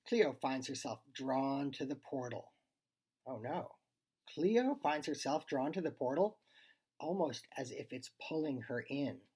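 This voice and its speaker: Husky expressive story reader. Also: mid-range voice, a little slow. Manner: expressive, acts out dialogue. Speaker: reader of a child's short story. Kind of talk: storybook read-aloud.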